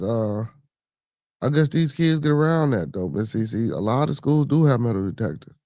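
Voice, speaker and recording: A man's voice: mid-range voice, sing-song, normal speed, warm tone, no echo. A man hosting a casual podcast live stream, reading the chat and answering viewers in loose slang. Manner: laid-back, talks back to chatters with loose slang.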